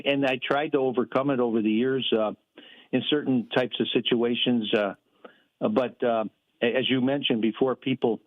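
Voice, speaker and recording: Man, radio caller, tinny phone line, rambling folksy storytelling, mid pitch. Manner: rambling, folksy, many fillers. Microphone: telephone.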